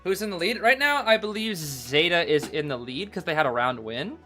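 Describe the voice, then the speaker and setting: Recounting his gameplay to a live chat, an excitable male streamer stumbles over repeated words and throws in "bro" again and again. He speaks at normal speed in a bright, forceful, slightly high voice while soft music plays faintly behind him.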